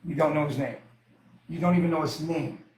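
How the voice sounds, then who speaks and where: A man's voice: fairly high pitch, fairly even intonation, brisk, darkish tone. A man interviewing a guest casually, probing with questions and teasing jokes. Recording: echoey room, faint room noise.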